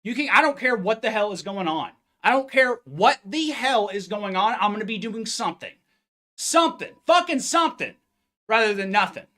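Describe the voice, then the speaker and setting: A man's voice: high-pitched, a little fast, few pauses, pushed and bright. Blunt, swearing fitness coach man. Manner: blunt, intense, heavy cursing. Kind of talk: live-stream pep talk. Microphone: phone.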